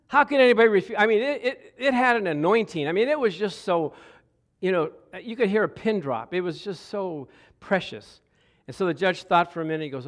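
A man's voice: high-pitched, animated, moderate pace, a bit bright. A middle-aged man preaching a sermon, telling stories with stammered repeats and bursts of laughter. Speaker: pastor. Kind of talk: sermon with storytelling.

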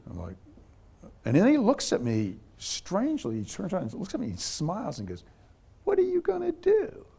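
A man's voice: a little high, fairly quick, creaky, breathy edge. A middle-aged man, a pastor, telling a personal story in a casual way and acting out the people he quotes. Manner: animated anecdote teller, voices quoted people.

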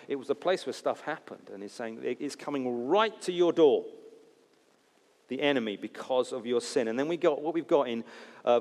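A man delivering an expository sermon with an easy conversational manner and the odd joke. His voice sits at an average pitch and swings from loud emphasis to near-whispered gravity. The sound rings out with a long hall reverb. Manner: conversational, jokey asides, swings from loud to hushed. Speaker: preacher.

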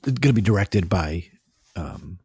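A man's voice: low-pitched, sing-song, unhurried, darkish tone, husky, dry recording, studio quality. A man co-hosting a casual podcast, rambling and hesitant with many fillers. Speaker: podcast co-host. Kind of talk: casual chat.

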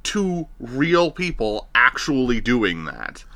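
A man talks over a film in relaxed podcast chat, his tone wry and joking. His voice is bright and sharp with lively pitch swings, and the sound is close and dry. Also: takes it slowly, no echo. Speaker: podcast co-host. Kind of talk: casual movie review chat.

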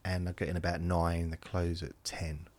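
A man's voice: deep voice, completely flat delivery, moderate pace. A man telling a rambling, self-deprecating comic story as a podcast host.

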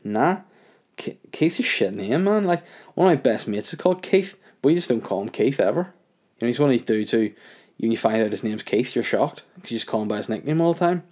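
Rambling young comedian. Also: male voice, mid-range voice, expressive, brisk, a little mellow. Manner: laid-back, rambling with many fillers. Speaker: comedian podcast host. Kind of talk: casual solo podcast chat.

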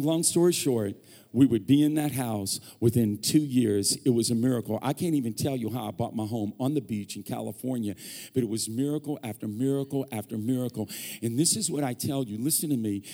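Animated preacher in a reverberant church. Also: male voice, medium pitch. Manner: animated storytelling, acts out quoted voices, jokes with congregation. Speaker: guest pastor. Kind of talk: sermon. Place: church hall.

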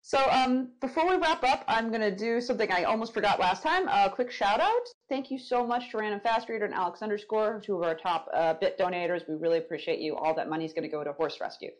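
A woman co-hosting a casual podcast, blunt and quick to swear. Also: medium pitch. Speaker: podcast co-host.

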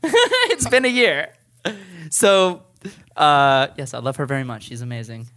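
A young man co-hosting a casual podcast, telling a story in an animated, laughing way. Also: fairly high pitch, a little slow. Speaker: podcast co-host. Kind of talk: casual chat.

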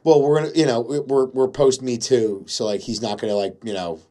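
A man's voice: medium pitch, fairly even intonation, a little fast, mellow. Male co-host, loose and rambling, swears freely, jokes around. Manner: rambling, profane, jokey. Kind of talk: casual chat.

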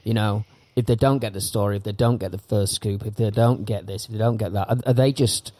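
Low, mellow-voiced male podcast host. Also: steady tone, brisk, no echo. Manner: short, agreeable interjections and probing questions. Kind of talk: casual podcast chat.

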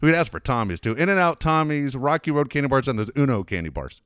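A man's voice: mid-range voice, lively intonation, fast talker, a bit bright, clear, resonant tone, no echo, clean studio sound. A man in casual chat, telling a long, profane family anecdote in a rambling way.

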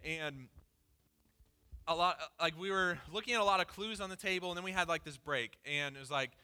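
A pastor giving a conversational sermon, candidly telling a personal story with lots of "like" fillers. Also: male voice, a little high, brisk, sharp tone, smooth. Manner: casual and candid, peppered with "like".

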